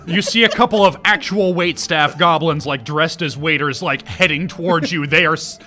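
A man's voice: a little high, normal speed, pushed and bright. A man running a tabletop game as dungeon master, narrating in a loose way full of laughs and fillers.

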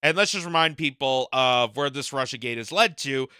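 A man's voice: medium pitch, normal speed, bright, forceful tone, clean tone, dry recording. A man from Canada hosting a political commentary video, mocking and exasperated, laughing at his own jokes.

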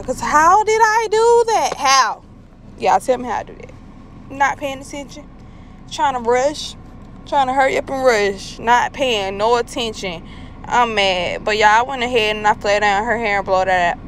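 Young woman, hairstylist, chatty, animated, faint background noise. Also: mid-range voice. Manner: chatty, animated, frequently addresses viewers. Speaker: hairstylist vlogger. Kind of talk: casual tutorial chat.

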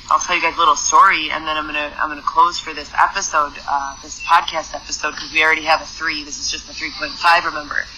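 Podcast host, woman; chatty, restart-heavy delivery, emphatic in spots, sharp bright timbre. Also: low voice, a little hiss or hum, poor audio. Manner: chatty, rambling, frequent fillers and restarts. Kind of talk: casual storytelling monologue.

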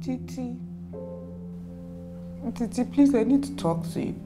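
A woman's voice: a little high, animated, measured pace. An actress playing a remorseful mother who tearfully begs her daughter's forgiveness in a film drama. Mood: pleading. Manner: pleading, tearful apologies. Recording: film soundtrack music behind.

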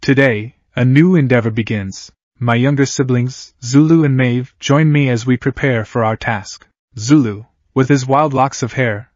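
A man reading a first-person story as an audiobook narrator, in a calm, steady storytelling manner. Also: medium pitch, no room sound. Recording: dull lo-fi dry recording.

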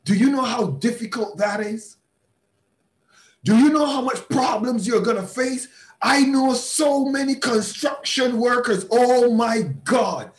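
A man's voice: extremely high pitch, a little slow, echoey room. A man acting out a best friend who answers with disbelief and warnings. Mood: incredulous. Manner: incredulous, full of warnings. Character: doubtful best friend, a gloomy adult.

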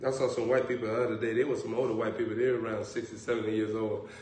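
A man's voice: fairly low pitch, little pitch movement, darkish tone. A man preaching a sermon, telling jokes and stories in a drawling way. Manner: storytelling, joking, drawling, slow. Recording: echoey room, distant mic, faint background hum.

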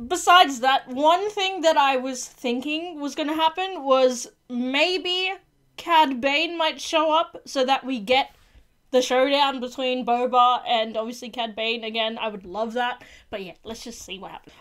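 A young woman with a high, bright-toned voice runs a reaction vlog, chatting excitedly about a TV episode. She gasps, squeals and exclaims loudly as the scenes play, talking quickly between outbursts. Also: soft background music. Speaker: YouTube reaction host.

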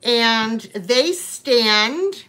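An online vintage seller hosts a live-stream sale, chatting animatedly and greeting viewers by name between items. Her voice is high, swoops around a lot, and sounds bright and forceful, though she speaks very slowly.

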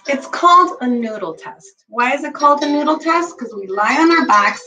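Woman with a higher voice, slow-paced kids yoga teacher, counts poses patiently, mic set back. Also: bright, forceful tone, echoey room, recorded from a distance, poor audio. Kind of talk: guiding a children's bedtime yoga class.

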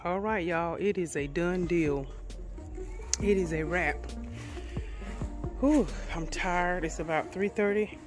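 A woman with a Southern US accent chatting casually to her viewers in a DIY vlog, folksy and quick to get riled up. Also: lowish voice, over music. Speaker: DIY vlogger.

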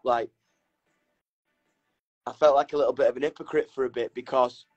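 Sweary, excitable and full of energy, a young man with a British accent livestreams from a hotel room on his phone. His voice sits in the mid range as he chats casually.

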